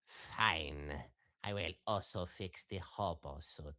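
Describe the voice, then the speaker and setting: A man's voice: low voice, bright, forceful tone, heavily acted. A man voicing an imperious tiny female fashion designer in a clipped, nasal, haughty manner. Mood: dry, haughty. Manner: clipped, haughty, drawn-out "darling".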